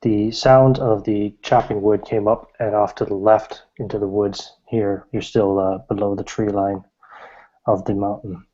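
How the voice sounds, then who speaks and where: A man narrating as game master of a tabletop game, describing scenes with halting fillers. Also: fairly low pitch, level tone, dark tone. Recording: dull lo-fi recording.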